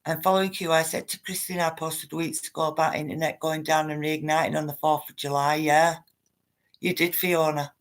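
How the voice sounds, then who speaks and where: A woman's voice: deep voice, flat delivery, fairly quick. A woman hosts a casual live stream. She talks straight to her viewers and reads out their comments. Her delivery is blunt and emphatic, and she hammers each point home by repeating it. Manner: addresses viewers directly. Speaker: livestreamer reading viewer comments.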